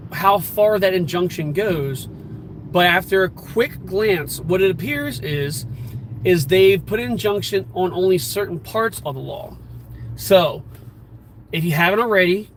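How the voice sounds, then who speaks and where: A man's voice: high voice, fairly bright tone, slight background noise, poor audio. A firearms instructor talking in a casual explanatory vlog from his car, in plain words with many restarts and fillers. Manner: conversational, plain-spoken, frequent restarts and fillers.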